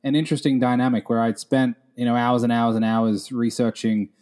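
A man in his thirties answering interview questions as a guest, speaking in a measured, articulate way. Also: mid-range voice, flat delivery, darkish tone, clean tone. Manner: measured, articulate with some fillers. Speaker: guest, gaming attorney. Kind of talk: casual interview.

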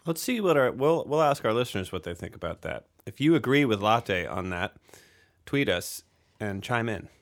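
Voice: mid-range voice, lively intonation, normal speed. Playful chatty podcast co-host. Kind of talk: casual chat.

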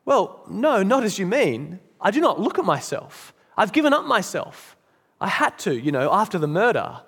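A man voicing a calm, forgiven man in heaven who speaks gently and patiently. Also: sits high, normal speed, slightly rough, in a large hall, full character voice. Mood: gentle.

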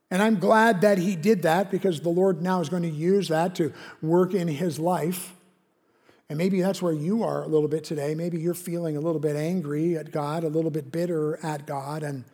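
A man's voice: fairly high pitch, a little mellow, in a large hall. A man preaching a sermon, emphatic, acting out a prophet's bitter complaints with rising intensity. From Canada. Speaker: pastor.

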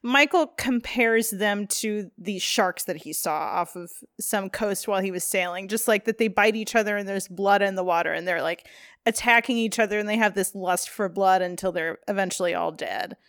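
A woman's voice: medium pitch, moderate pace, a bit bright, dry recording, clean studio sound. A woman co-hosting a film podcast in a casual chat, rambling with many fillers and laughing often. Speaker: podcast co-host.

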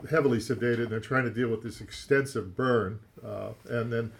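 A man hosts a radio talk show in a relaxed, conversational manner. He prompts his guest with questions and breaks off to mention a book and the call-in line. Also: mid-range voice, normal speed, vocal fry. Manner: conversational, plugs the book and gives the call-in number.

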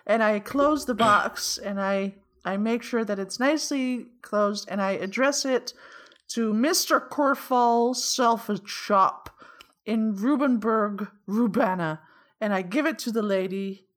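A woman playing a tabletop game, describing her actions in a chatty, halting way. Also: fairly high pitch. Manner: chatty and halting, with many ums. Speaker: player. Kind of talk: casual tabletop play.

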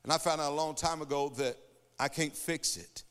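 A preacher with a fairly high voice delivers a sermon, building emphasis through rhythmic repetition. His words ring out in a church sanctuary with a long, trailing reverb. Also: fairly even intonation, moderate pace, fairly bright tone, clear, resonant tone.

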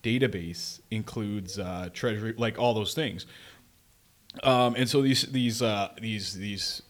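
Low-voiced man hosting a casual podcast. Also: slow. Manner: rambling, filler-heavy, chuckling often. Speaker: podcast co-host. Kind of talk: casual chat.

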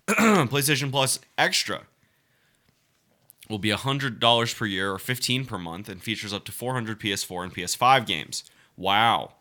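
A man's voice: mid-range voice, expressive, moderate pace, sharp tone. A man co-hosting a casual gaming podcast, joking and swearing, sometimes reading news aloud. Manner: swearing, laughing, jokey. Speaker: podcast co-host.

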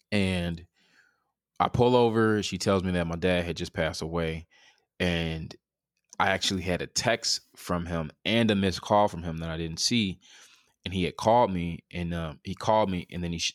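A man's voice: sits low, no room sound, clean studio sound. A man in his thirties telling a personal story in an interview, reflective and earnest, with fillers and restarts. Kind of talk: candid conversational storytelling.

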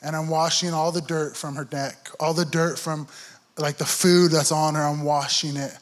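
Young male preacher, sermon testimony, earnest storyteller, voice on the higher side. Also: level tone, normal speed. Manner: earnest storytelling, acts out inner dialogue. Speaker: church speaker giving a testimony.

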